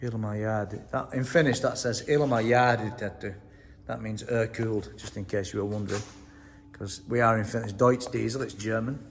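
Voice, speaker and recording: On a casual stroll through an indoor tractor museum, a man from England speaks in a lowish voice at normal speed with fairly even intonation. He chats, swears freely and reads labels aloud, recorded with faint ambience, hall reverb and a little hiss or hum.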